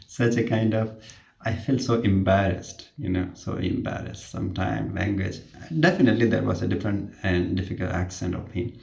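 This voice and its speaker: A man tells a workplace story in a relaxed, self-deprecating way. His voice is low, dark and gravelly, with a conversational delivery. The recording has a noticeable roomy echo. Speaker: healthcare worker. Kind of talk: casual anecdotal storytelling.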